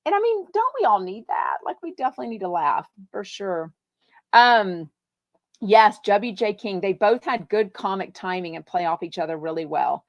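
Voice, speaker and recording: A woman's voice: medium pitch, big pitch swings, normal speed, no echo, dull audio. A woman from Texas, hosting a live podcast, chatting casually and reading out viewer comments in a bubbly, gushing way with lots of fillers. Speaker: podcast host.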